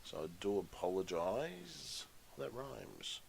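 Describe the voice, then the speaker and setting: A man's voice: fairly low pitch, big pitch swings, slow, gravelly, a little hiss or hum. A man hosting a casual live stream, chatty and muttering to himself while concentrating on a build.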